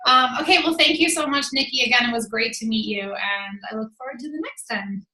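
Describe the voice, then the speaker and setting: A woman hosting a team call, effusive and animated. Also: a little high, a little fast. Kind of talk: casual group call. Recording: echoey room.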